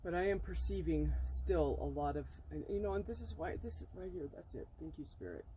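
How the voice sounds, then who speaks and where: A woman talking earnestly to the camera in a spiritual vlog from inside her camper, often halting and emotional. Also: lowish voice, expressive, mellow, slight background noise, rough recording. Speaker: spiritual vlogger. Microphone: camera mic.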